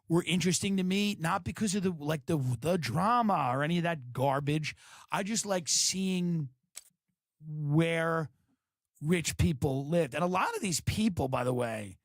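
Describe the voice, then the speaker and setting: A man's voice: fairly high pitch, no room sound. A man hosting a comedic chat, riffing in a rambling, profane way.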